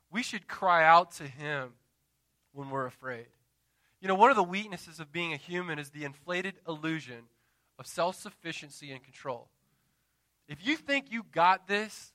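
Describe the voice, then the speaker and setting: Impassioned high-voiced preacher, bright tone. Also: male voice, no echo. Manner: impassioned preaching with dramatic pauses and call-and-response asides. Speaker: pastor. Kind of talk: sermon. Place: church.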